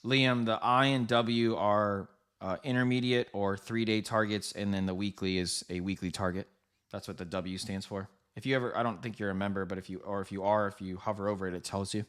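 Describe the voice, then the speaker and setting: A man hosting a live trading stream, giving quick, rambling market commentary, correcting himself and talking straight to his viewers. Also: fairly low pitch, steady tone, fairly bright tone, clean tone. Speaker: livestream trading host.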